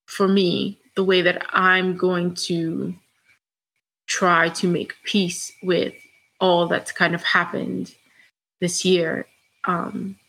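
A woman hosting a solo podcast from her home, chatting in a rambling, warm and candid way. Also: fairly low pitch, gravelly, breathy edge. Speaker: podcast host. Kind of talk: solo reflective podcast chat.

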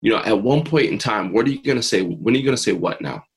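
A man's voice: lowish voice, expressive, quick pace, vocal fry, breathy edge, rough recording. A man in his forties, an interview guest and mindset coach, telling a personal story earnestly and acting out his own past thoughts.

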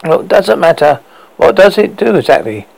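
A man's voice: high voice, very animated, moderate pace, vocal fry, voice pushed up, heavily acted, rough recording. A man voicing a baffled married shopper who talks in a puzzled, blunt way.

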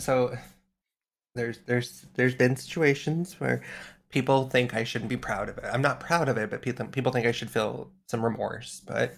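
A man's voice: mid-range voice, vocal fry, fairly bright tone. A man co-hosting a podcast in casual chat, blunt and profane, laughing often. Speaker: podcast co-host.

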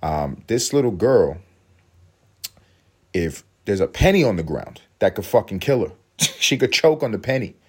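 Young male podcast host, very low voice, profane rambling rant. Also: very animated, normal speed, long pauses, husky. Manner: profane, rambling, self-mocking. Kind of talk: casual solo podcast rant.

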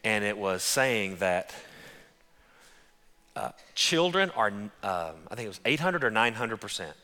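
A man preaching a sermon as pastor, telling stories in an animated, conversational way. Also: on the low side, unhurried, big-room sound.

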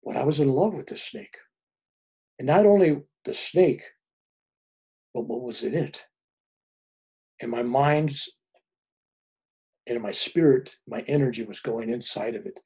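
Husky older man telling a story. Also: medium pitch, measured pace, pauses often. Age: 70s. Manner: animated, chuckling storyteller. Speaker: guest, spiritual author. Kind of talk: casual storytelling.

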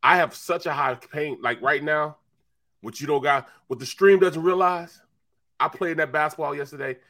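A man's voice: a little high, normal speed, bright, forceful tone. A man co-hosting a sports talk show in an easygoing, conversational way. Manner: easygoing, conversational, retells a coach's words. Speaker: sports radio co-host.

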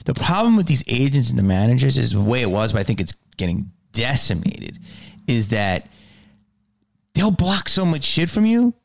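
A man hosting a podcast in casual chat, an animated storyteller who swears freely and sometimes drops to a low mutter. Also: moderate pace, creaky, dry recording. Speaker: podcast host.

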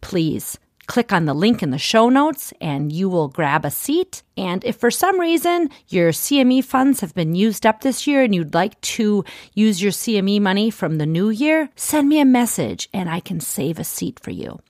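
Middle-aged lady life coach doing her podcast, encouraging and gentle, dry close sound. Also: medium pitch, very animated, moderate pace, hardly any pauses, dry recording. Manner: warm, encouraging, gently persuasive. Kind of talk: podcast monologue.

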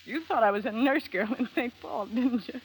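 Husky bitter young woman. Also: on the high side, normal speed, low-quality recording. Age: young adult. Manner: blunt, slangy, scornful. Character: bitter defiant young woman confessing a shameful past. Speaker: actress. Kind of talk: dramatic acting.

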